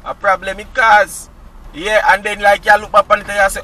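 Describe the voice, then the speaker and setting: Bright-voiced Jamaican man chatting while driving. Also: sits high, completely flat delivery, brisk, far from the mic, poor audio. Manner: chatty, repeats catchphrases, greets viewers. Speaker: driving vlogger. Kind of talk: casual chat while driving. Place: inside a car on country roads.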